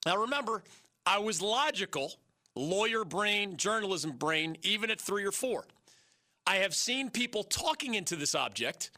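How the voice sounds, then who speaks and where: Radio host guy, high bright voice, animated, chuckles while telling stories on air. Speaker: radio call-in show host. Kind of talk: sports talk radio storytelling.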